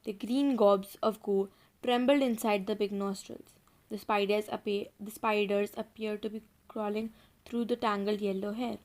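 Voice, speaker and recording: A woman's voice: mid-range voice, fairly even intonation, moderate pace, darkish tone. A woman narrating a children's horror audiobook in a suspenseful storytelling manner, now and then speaking directly to her listeners. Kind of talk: dramatic audiobook reading.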